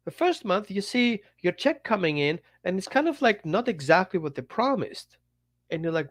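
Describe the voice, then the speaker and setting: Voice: medium pitch, big pitch swings, moderate pace. A dog trainer talking bluntly on a podcast, acting out little dialogues. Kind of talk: podcast monologue.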